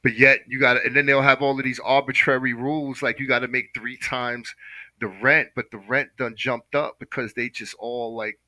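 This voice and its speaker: A man gives heated, preachy reaction commentary, dropping "man" into nearly every sentence. His voice is very bright and forceful, in a mid range, and the sound is close and completely dry. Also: medium pitch, level tone, moderate pace, no room sound, poor audio. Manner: impassioned, preachy, says "man" constantly. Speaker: reaction video host.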